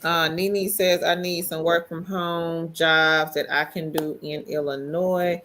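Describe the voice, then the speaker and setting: A woman's voice: fairly low pitch, flat delivery, slow pace, a bit bright, slight background noise. A woman co-hosting a casual livestream, chatty as she greets viewers and reads their comments aloud. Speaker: livestream co-host. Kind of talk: casual live chat.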